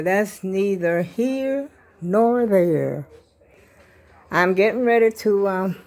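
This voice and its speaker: A woman's voice: medium pitch, a little mellow. An older woman chatting casually to her viewers in a rambling home vlog, trailing off mid-sentence and calling them y'all, recorded on a handheld phone. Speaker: vlogger. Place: at home, indoors. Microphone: handheld phone camera.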